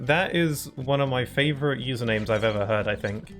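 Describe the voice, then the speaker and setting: A man's voice: mid-range voice, normal speed, a bit bright, soft background music. A young man from Britain with a somewhat posh British accent, chatting casually and rambling while streaming a video game. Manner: rambling, chatty, frequent fillers and laughs. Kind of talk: casual live-stream chat over gameplay.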